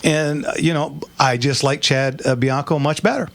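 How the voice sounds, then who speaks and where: A man with a fairly high voice hosts a call-in radio show from a studio microphone. He talks in a loose, folksy way, laughs easily and often stumbles through his sentences. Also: steady tone, moderate pace, gravelly, fairly bright tone, a little hiss or hum. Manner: folksy, chuckling, trips over words. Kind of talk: casual call-in radio chat.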